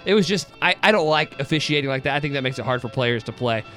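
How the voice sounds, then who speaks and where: A man co-hosting a post-game sports podcast in casual chat, excitable, often repeating words as he starts a sentence. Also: medium pitch, fast, soft background music. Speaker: podcast co-host.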